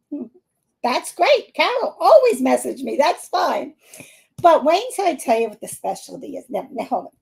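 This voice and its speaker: Host: middle-aged woman, Philly-area accent, high-pitched, lively and laughing, talking to viewers on a live stream. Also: creaky. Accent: Philadelphia area. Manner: chatty, animated, laughing often. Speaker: psychic medium hosting a live stream.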